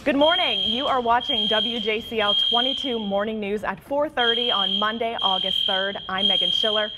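A woman presenting morning news calmly while a fire alarm blares in the background. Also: a little high, moderate pace, loud music behind the voice, poor audio. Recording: loud alarm noise behind. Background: fire alarm blaring.

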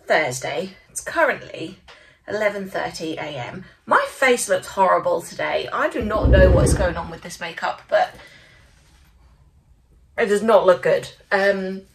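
A woman's voice: fairly low pitch, lively intonation, measured pace, gravelly, slight background noise. A young woman chatting casually in a vlog from her small studio office, rambling with lots of ums. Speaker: small stationery business owner. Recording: voice a bit far from the mic.

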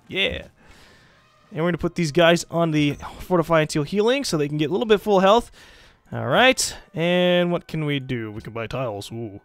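A young man giving casual, excitable commentary while playing a strategy game, swearing and teasing the computer opponents. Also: high-pitched, normal speed, long pauses, no echo, faint music behind. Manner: excitable, swears, mocks game leaders in put-on voices. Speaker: let's play gamer.

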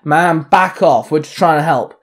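A man voicing a young male gang leader who barks orders and yells. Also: a little high, moderate pace. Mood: commanding. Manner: barking orders, yelling.

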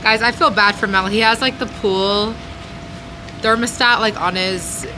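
A woman's voice: medium pitch, fairly even intonation, measured pace, noisy background. A young woman vlogging about her day as a mother, chatting casually with lots of "like" and "you guys", her voice nasal from a cold. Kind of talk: casual vlog chat. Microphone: handheld compact camera.

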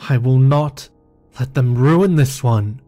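A man's voice: medium pitch, slow, warm tone, faint music behind, pitched above the performer's own voice, natural voice. A man reading aloud voices a cold, commanding and dangerous young woman in a horror story. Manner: commanding, intense.

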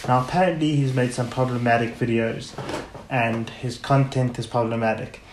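A solo podcast host rambles bluntly and casually, swearing freely as he chats on his own. His mid-range voice holds a steady tone at a moderate pace, and the echoey room adds a bit of hiss or hum.

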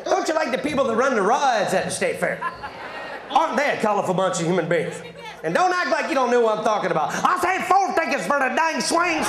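A man from North Carolina doing an energetic stand-up comedy set, telling stories with quick asides to the crowd. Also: extremely high pitch, noisy background. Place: comedy stage before a live audience. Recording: roomy live venue with loud crowd laughter. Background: audience laughter.

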